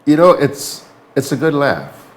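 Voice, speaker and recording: A man's voice: fairly high pitch, sing-song, unhurried. A male host introducing a clip in an amused, chatty way. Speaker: show host. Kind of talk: casual host commentary.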